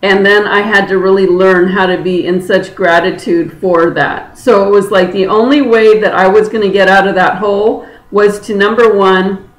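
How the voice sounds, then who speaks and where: Lady spiritual teacher on a webinar, chatty and earnest, quick to laugh, kinda roomy echo. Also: mid-range voice, fairly even intonation. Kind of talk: informal spoken teaching. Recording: roomy echoey sound.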